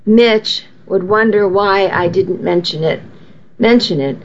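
Brief: woman narrating a novel, slow and intimate, dull lo-fi recording. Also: medium pitch, slight background noise. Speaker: audiobook narrator. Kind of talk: first-person novel narration. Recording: slightly muffled lo-fi audio.

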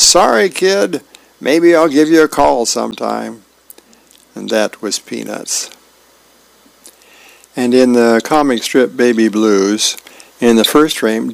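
Volunteer radio reader, man, creaky voice, relaxed delivery, mid pitch. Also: no echo, low-quality recording. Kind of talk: reading comic strips aloud.

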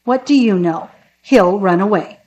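A woman's voice: medium pitch, measured pace, a little mellow, lightly acted. A woman reading a storybook and voicing a sullen, contrary schoolgirl who dislikes everyone and speaks with scorn. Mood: scornful.

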